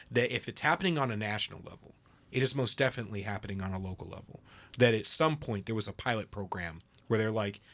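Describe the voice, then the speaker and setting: A man in his thirties hosting a political podcast, telling stories with lively impressions of other people. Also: mid-range voice. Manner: animated storyteller, mimics others in a raised voice. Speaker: podcast host. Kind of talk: casual political chat.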